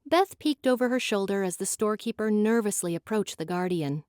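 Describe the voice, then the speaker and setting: A woman giving an expressive, dramatic scripted narration of a fantasy audiobook. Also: mid-range voice, fairly quick, no echo, clean studio sound.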